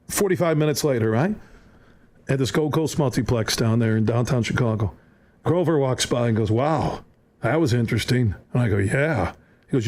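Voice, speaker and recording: Guy on a podcast telling a big sports story, acts out the other voices, medium pitch. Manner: lively anecdote-teller, acts out voices. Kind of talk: animated storytelling.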